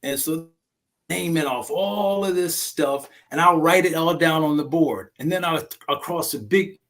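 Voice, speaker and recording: Emphatic male counselor type with a high voice, lecturing a men's group. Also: unhurried, a bit bright. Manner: emphatic, preachy, keeps checking in with listeners. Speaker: domestic violence class facilitator. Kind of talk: group discussion.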